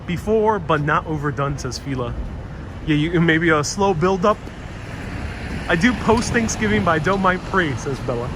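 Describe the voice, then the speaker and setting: A man with a fairly high voice hosts a live stream as he walks down a busy street. He reads out viewers' comments and answers them one by one. Traffic hums clearly behind him, caught on a small wireless mic. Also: normal speed. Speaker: live-stream walking host. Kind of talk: live-stream chat while walking. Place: city street outdoors. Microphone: wireless clip-on mic. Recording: outdoor street noise. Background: city traffic.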